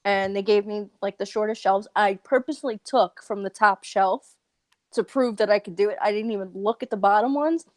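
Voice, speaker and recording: A woman's voice: mid-range voice, no room sound. A woman from Long Island, a guest in an interview, talking in an earnest, chatty way. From Long Island, New York. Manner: earnest, talkative, with quick laughs. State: uses a wheelchair. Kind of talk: casual interview talk.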